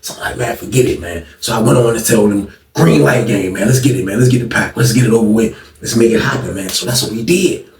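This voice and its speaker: A man telling a story from his past in a casual, animated way, full of slang and repeated lines, acting out what people said. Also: on the low side, fast, hardly any pauses. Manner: animated, slangy, repetitive, acts out quotes. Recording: echoey room, distant mic.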